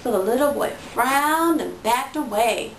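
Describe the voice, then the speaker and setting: A woman reading a picture book aloud to her toddler in a slow, sing-song storytelling voice. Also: on the high side, animated, distant mic. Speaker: parent reading to her child. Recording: roomy sound from away from the mic, faint noise.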